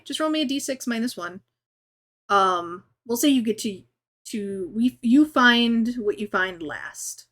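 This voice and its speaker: A woman running a tabletop game as game master, chatty and relaxed, with lots of fillers. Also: a little high.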